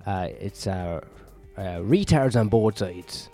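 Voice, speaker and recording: A man with a fairly low voice rambles through a casual, foul-mouthed rant, peppered with fillers and restarts. He sounds sweaty and worn out, and faint music plays behind him. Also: takes it slowly, darkish tone. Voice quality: profane, ranting and rambling, many fillers. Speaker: vlogger.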